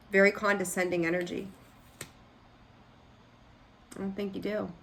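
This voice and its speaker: A woman's voice: medium pitch, fairly even intonation, unhurried, pauses often, slight background noise. A woman giving a casual tarot reading, blunt and frank, scolding her listeners and rambling with restarts. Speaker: tarot reader.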